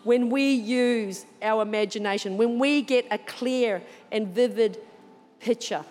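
A woman delivers a sermon at a deliberately slow pace, leaning on repetition to drive each point home. Her voice sits somewhat high, and a long reverb trails her words. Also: darkish tone. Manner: slow, repetitive, emphatic preaching. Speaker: preacher.

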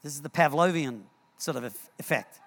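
Bright-voiced pastor man preaching. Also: fairly high pitch, a little fast. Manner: animated storytelling, repeats words, acts out scenes. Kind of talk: sermon. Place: church hall. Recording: long hall reverb.

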